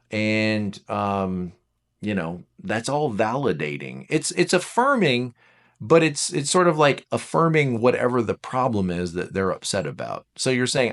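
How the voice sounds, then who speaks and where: A man giving a casual explanatory talk, animated and self-deprecating, often acting out quoted speech with big jumps in his voice. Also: lowish voice, unhurried. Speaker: teacher.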